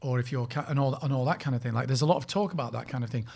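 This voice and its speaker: A man's voice: mid-range voice, racing, vocal fry. Man, middle-aged, british, podcast co-host, casual rambling chat. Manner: rambling storyteller, many restarts, swears when animated.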